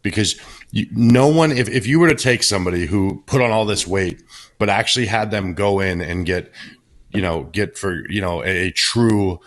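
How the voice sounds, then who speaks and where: A man's voice: fairly low pitch, normal speed. A man who coaches clients, talking bluntly and laid-back on a podcast, with casual swearing.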